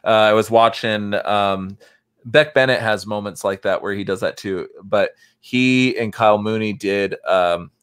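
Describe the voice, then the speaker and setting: A man's voice: fairly low pitch, unhurried, fairly bright tone, clear, resonant tone. A man chatting casually on a podcast about a film, hesitant and filler-heavy. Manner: hesitant, lots of fillers and restarts. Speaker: podcast co-host.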